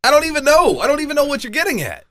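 A man hosting a casual chat, animated and quick to slip into mocking voices. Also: extremely high pitch, no room sound, studio quality. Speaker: podcast host.

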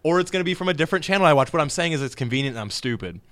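A man's voice: a little high, animated, rapid-fire, a bit bright, no echo. A man co-hosting a podcast, joking and self-deprecating in casual chat. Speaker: podcast co-host.

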